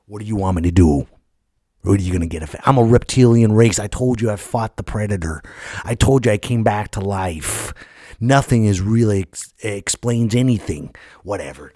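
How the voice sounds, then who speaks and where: A man putting on the voice of a brash older ex-wrestler politician in a comedic podcast rant, swinging from loud outbursts to hushed mutters. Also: lowish voice, dry recording, studio quality, natural voice. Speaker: podcast host. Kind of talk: comedic impression monologue.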